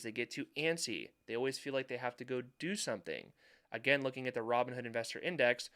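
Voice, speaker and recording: Male finance YouTuber, young adult, smooth clear voice pitched a bit high, emphatic commentary style. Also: a bit bright. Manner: emphatic, repeats points for stress. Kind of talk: market commentary over charts.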